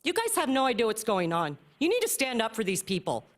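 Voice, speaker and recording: A woman's voice: a little high, huge pitch swings, fairly quick. A woman speaking angrily and bluntly at a county commission meeting, hammering her points with repeated phrases into a podium microphone. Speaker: public commenter at a county meeting. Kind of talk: impassioned public comment.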